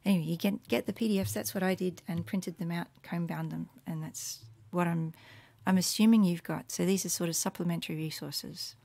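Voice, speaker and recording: A woman with a lowish voice talks through her Latin teaching materials in a relaxed, meandering way. She fills gaps with ums and drops into soft murmured asides. The sound is dry and close, with no room echo. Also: fairly quick, gravelly, few pauses. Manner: casual and rambling, with many fillers and soft murmured asides. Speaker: Latin teacher making resources. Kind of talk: screen walkthrough tutorial.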